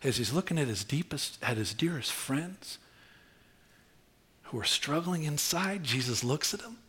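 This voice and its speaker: A man preaching a sermon, swinging from low, intimate tones to high, excited outbursts. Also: measured pace, slightly rough. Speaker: pastor.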